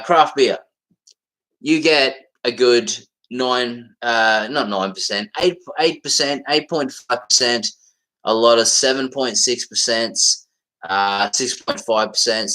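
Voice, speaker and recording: A man's voice: mid-range voice, fairly bright tone, rough recording. An Australian man hosting a livestream, chatting casually in a rambling, blunt way and swearing freely. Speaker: livestream host.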